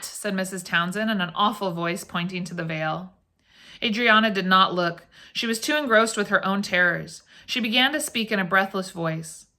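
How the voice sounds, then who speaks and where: A woman reading a ghost story aloud for a library program in a measured, dramatic way. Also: medium pitch, pushed and bright. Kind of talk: scripted narration.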